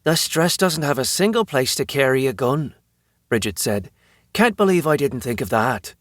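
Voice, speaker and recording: A man's voice: mid-range voice, expressive, normal speed, no room sound, studio quality, natural voice. A man voicing a playful, fierce Irish vampire woman in an audiobook, with a wry, teasing manner. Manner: wry, flirtatious banter.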